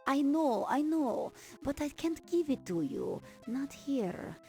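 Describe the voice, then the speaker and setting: A woman's voice: high voice, big pitch swings, slow pace, darkish tone, soft background music, full character voice. A woman voicing a doting, seductive woman cooing to her lover in an adventure game. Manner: cooing, sing-song.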